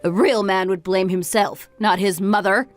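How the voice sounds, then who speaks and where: A woman's voice: medium pitch, fairly even intonation, normal speed, soft background music, lightly acted. An actress playing a bitter, reproachful middle-aged mother in a scripted text-story drama, lecturing her grown son.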